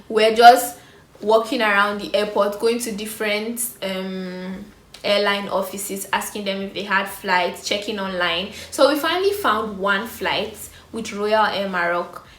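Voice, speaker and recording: A woman's voice: medium pitch, a little slow. A young woman in her twenties with a Nigerian accent, telling a storytime vlog and acting out the people in it. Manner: animated storytelling, acting out other people's lines. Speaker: vlogger. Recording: echoey room with faint ambience.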